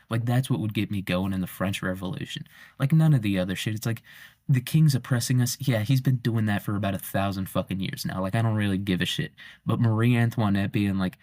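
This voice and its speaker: A man's voice: fairly low pitch, fairly quick, a little mellow, no room sound. A young man in his twenties rambling through a casual, profane monologue and laughing at his own jokes. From United States. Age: 20s. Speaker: vlogger.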